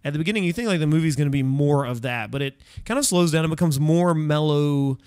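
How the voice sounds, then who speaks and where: Rambling podcast host, higher voice. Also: male voice, fast, darkish tone, clean tone, dry recording, studio quality. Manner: rambling, self-correcting, searches for words. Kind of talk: casual film discussion.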